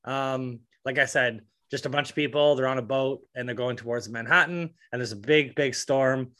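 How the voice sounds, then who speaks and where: A man's voice: mid-range voice, normal speed, a bit bright. A man co-hosting a podcast, chatting casually about movies in a rambling way, with lots of fillers and swearing. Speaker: podcast co-host.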